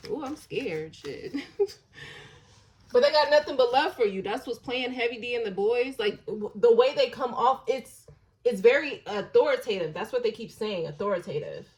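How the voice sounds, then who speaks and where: A woman's voice: fairly high pitch, poor audio. Casual, blunt woman reading tarot. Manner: musing, drifts into soft hushed asides; slangy and blunt, with occasional swearing. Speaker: tarot reader.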